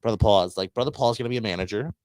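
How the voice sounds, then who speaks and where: Fast-talking male podcast host. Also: on the low side, darkish tone, no echo. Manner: rambling anecdote with acted-out quotes. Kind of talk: casual podcast storytelling.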